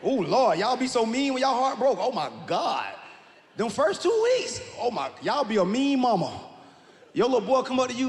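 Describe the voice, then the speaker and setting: A man doing live stand-up comedy, telling stories with animated, playful asides to the crowd. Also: very high-pitched, moderate pace. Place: large live comedy venue. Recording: reverberant live venue with faint room noise.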